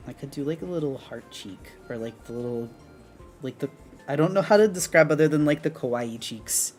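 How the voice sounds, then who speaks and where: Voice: mid-range voice, brisk, a little mellow, faint music behind. Rambling streamer chatting while drawing. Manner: rambling, many fillers and restarts. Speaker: art streamer. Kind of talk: casual chat while drawing. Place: apartment on an upper floor.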